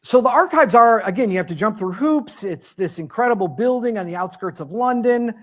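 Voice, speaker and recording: A man telling a story as a guest lecturer in a museum hall, animated and quick to joke at his own expense. He moves from hushed moments to eager bursts as he narrates his research trip. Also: sits high. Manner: animated, self-deprecating humor.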